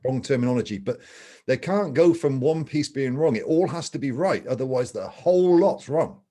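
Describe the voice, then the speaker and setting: Male co-host, warm mellow tone, opinionated and musing, casual cursing. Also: medium pitch, expressive, normal speed. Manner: musing, argumentative, swears casually. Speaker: podcast co-host.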